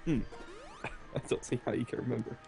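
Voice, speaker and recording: A man chatting casually on a game stream, laid-back and quick to laugh. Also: mid-range voice, wildly swooping pitch, warm tone, faint music behind.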